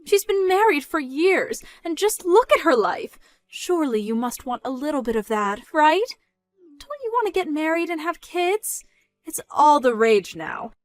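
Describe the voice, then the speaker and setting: A woman's voice: sits high, big pitch swings, measured pace, no room sound, soft background music. A woman voicing a controlling, scornful middle-aged mother, nagging and incredulous in a scripted story dub.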